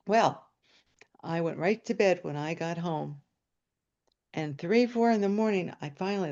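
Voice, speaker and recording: A woman telling a personal story on stage in an animated way, jumping into high excited voices when quoting. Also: a little slow, pauses often, highs cut off.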